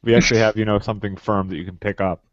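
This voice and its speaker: A man's voice: lowish voice, fairly even intonation, rapid-fire, lo-fi sound. A man co-hosting a casual podcast chat, playful and teasing. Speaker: podcast co-host.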